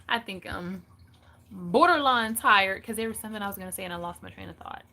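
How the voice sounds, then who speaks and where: Bright-voiced woman chatting on a faith livestream. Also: medium pitch, fairly quick, creaky. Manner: laughs often, animated storytelling. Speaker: livestream host. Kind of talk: casual faith livestream chat.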